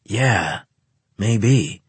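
A man voicing Carlos, a joking, complaining male marine buddy who talks loud. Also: fairly low pitch, animated, drawn-out words, breathy edge, no echo, exaggerated voice. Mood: doubtful.

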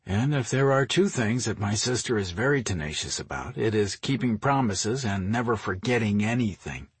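A weary former airman in an audiobook, voiced by a man narrating, gruff and muttering. The voice sits low with a husky grain. It is recorded close and dry. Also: expressive, moderate pace, dry recording. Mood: wry.

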